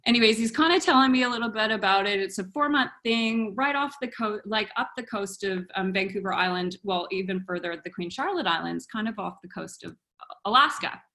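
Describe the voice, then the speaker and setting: Bright, animated woman telling a story. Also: medium pitch, fairly quick. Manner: animated, lots of fillers and laughter. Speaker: podcast guest. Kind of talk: casual storytelling.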